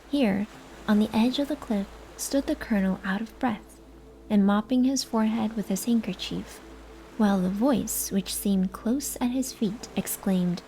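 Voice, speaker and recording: Hushed woman telling a bedtime story. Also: mid-range voice, a little hiss or hum. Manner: soft, hushed, unhurried. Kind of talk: soft-spoken ASMR bedtime storytelling.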